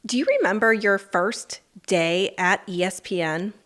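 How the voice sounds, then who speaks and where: Unhurried woman podcast host asking questions. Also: mid-range voice, a bit bright. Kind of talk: interview questions.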